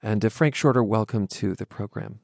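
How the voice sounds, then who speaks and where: A male host conducts an interview in a calm, measured voice of middle pitch. The sound is dry and close. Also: creaky, no room sound. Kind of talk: radio interview.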